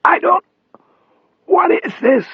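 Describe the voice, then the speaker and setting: A man voicing a paralyzed older male ex-cop with a raspy, straining voice, crying out high and strained. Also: lively intonation, slow, no room sound, muffled recording, full character voice. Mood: frightened. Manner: high strained cries and shouts.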